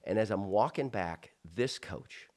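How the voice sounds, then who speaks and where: A man from South Florida tells a personal story as an interview guest. His voice sits on the low side. He talks animatedly, breaking off and restarting lines as he goes. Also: a little slow. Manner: animated, many restarts and asides.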